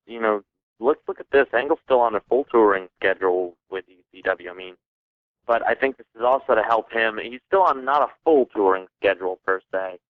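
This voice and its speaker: A man's voice: fairly low pitch, dry recording. Argumentative man on tinny AM radio. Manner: argumentative, fires rhetorical questions. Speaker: radio show co-host. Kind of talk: casual radio debate. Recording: tinny dry AM radio broadcast.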